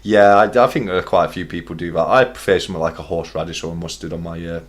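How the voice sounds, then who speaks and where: A man's voice: low-pitched, fairly even intonation, fast talker. A man hosting a casual chat on a video call, laughing often and reading out viewer comments. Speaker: host.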